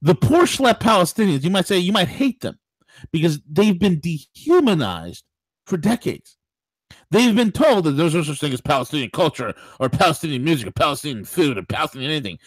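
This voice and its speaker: A man hosting a political talk show, speaking in an animated, digressive way with laughing asides. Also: a little high, fairly quick, breathy edge, no room sound. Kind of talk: political talk radio commentary.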